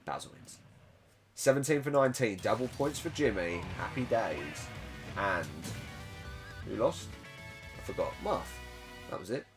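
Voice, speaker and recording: A man's voice: lowish voice, measured pace, long pauses, music in the background. Chatty man commentating a game tournament. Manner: chatty, excitable, self-mocking asides.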